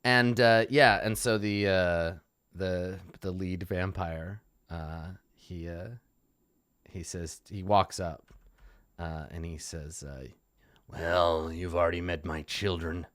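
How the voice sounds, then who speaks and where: A man narrating as game master of a tabletop game, halting and full of fillers, often laughing. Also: low voice, a bit bright, clean tone, no echo, studio quality.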